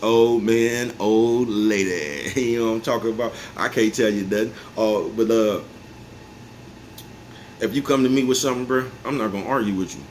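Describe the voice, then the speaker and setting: A man in his forties talking to his viewers in a casual, rambling monologue, laughing to himself and often asking whether they follow him. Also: fairly low pitch. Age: 40s. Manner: laid-back, repeats "you know what I'm talking about", chuckles often. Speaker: vlogger. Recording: faint background noise.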